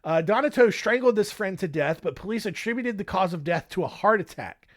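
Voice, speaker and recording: A man's voice: high voice, expressive, brisk. A young man hosting a casual true-crime podcast, narrating with joking, irreverent asides. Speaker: podcast host.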